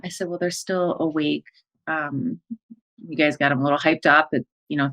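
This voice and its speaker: A woman's voice: low voice, moderate pace, fairly bright tone, poor audio. A woman, a coach and podcast host, telling a personal story as an emotional monologue, acting out her own and her family's words. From American Midwest. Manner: emotional, breathless retelling with quoted dialogue.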